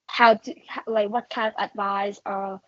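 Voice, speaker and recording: A woman's voice: mid-range voice, flat delivery, unhurried, a bit bright, dry recording, dull audio. A woman co-host asking long interview questions hesitantly, with many fillers.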